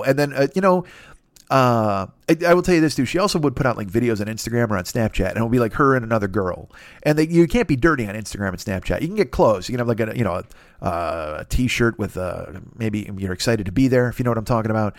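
A man talks fast through a rambling, profane comedy monologue on a podcast. His pitch sits in the middle, and the close, dry sound has no room echo. He often jumps into high, mocking voices to quote other people. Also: animated. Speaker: podcast host.

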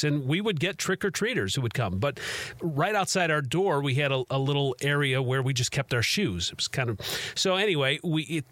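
A man from Chicago hosting a sports radio show, telling stories in an animated, laughing way. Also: medium pitch, no room sound. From Chicago, USA. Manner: animated storyteller, laughs easily. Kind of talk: casual radio chat.

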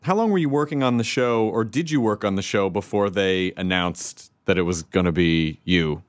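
A man's voice: low-pitched, normal speed. An American man hosting a casual interview, playful and joking, laughing a lot. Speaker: podcast host.

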